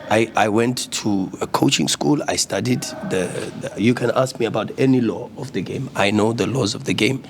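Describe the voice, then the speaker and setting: A man's voice: lowish voice, normal speed, hardly any pauses, a little hiss or hum. A man, a football coach speaking at a post-match press conference, passionate and repeating words when agitated. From South Africa.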